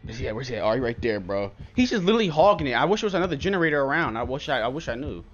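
A young man giving live, excitable commentary on his own gameplay, swearing often and calling everyone bro. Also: mid-range voice, very fast, lo-fi sound. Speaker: gameplay streamer.

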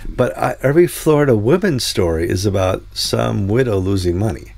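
A man's voice: on the low side, expressive, moderate pace, vocal fry, darkish tone, no room sound. A man hosting a news talk show, telling stories in a casual, rambling way with many fillers. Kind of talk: casual chat.

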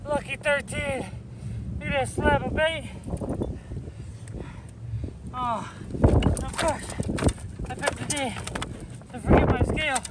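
A man vlogging his fishing trip outdoors on a boat, out of breath and exclaiming loudly as he talks to his catch. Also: extremely high pitch, steady tone, slow pace, long pauses. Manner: exclamatory, whooping and talking to the fish. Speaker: angler vlogger. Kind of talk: excited fishing vlog commentary. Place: outdoors on a boat in strong wind. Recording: loud wind noise on the mic. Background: wind and boat noise.

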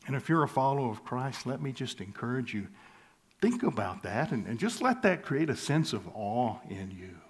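A man preaching a sermon as pastor, earnest and measured, slowing down for emphasis and chuckling lightly now and then. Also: medium pitch, big pitch swings. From southern United States.

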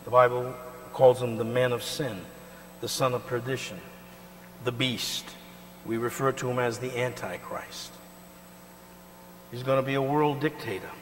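A male pastor preaching a sermon, emphatic and swinging between loud and quiet, often pausing to ask the congregation to finish his sentences. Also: medium pitch, fairly even intonation. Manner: call-and-response questions to the congregation. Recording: reverberant hall with mains hum.

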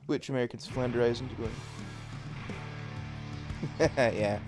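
A man's voice: mid-range voice, fairly quick, pauses often. Chatty male streamer. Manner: chatty, explains language trivia. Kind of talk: casual live-stream chat. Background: game music.

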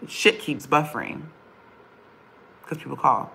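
A woman chatting casually on a livestream with her viewers, impatient and bantering with loud bursts. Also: very deep voice, a little slow, gravelly, pauses often, husky. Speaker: vlogger on a livestream.

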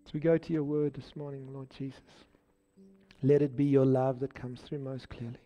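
A man's voice: mid-range voice, little pitch movement, moderate pace, mellow. A man leading an earnest spoken prayer in church. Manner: earnest, devotional. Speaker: prayer leader. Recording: dull lo-fi sound with faint music.

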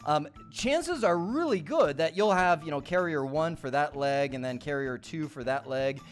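A middle-aged man from Michigan teaching a casual tech lesson, animated and repeating his words as he acts out phone calls. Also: on the high side, normal speed, soft background music. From Michigan, USA. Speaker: tech instructor.

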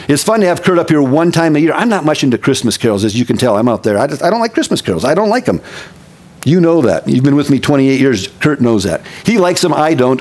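A man's voice: mid-range voice, a little mellow. A middle-aged male pastor from Minnesota giving a casual, folksy sermon with candid conversational asides.

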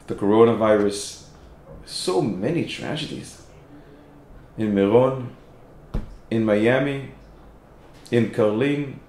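A man, a rabbi, giving a sermon told through lively stories, acting out the people in them. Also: medium pitch, roomy sound. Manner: animated storyteller, acts out quoted voices. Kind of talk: sermon with storytelling.

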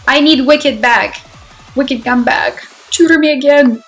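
A woman giving live commentary on her own mobile game, excitable and talking to herself, swinging from loud exclamations to quiet muttering. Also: sits high, unhurried, poor audio. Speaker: mobile game player and channel host. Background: faint background music.

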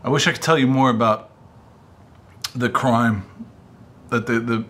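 A man filming a solo ghost-hunting vlog, excited and coughing, short of breath from the dust. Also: medium pitch, a little slow, a little hiss or hum. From United States. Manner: excited, exclaiming to viewers. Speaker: paranormal investigator vlogger.

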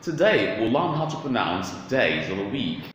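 A man with an English accent teaching pronunciation, repeating each word slowly and deliberately with varied intonation. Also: fairly low pitch, very animated, dull audio. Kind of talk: slow, deliberate pronunciation drill. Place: echoey classroom. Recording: roomy echo, long reverb, faint hiss.

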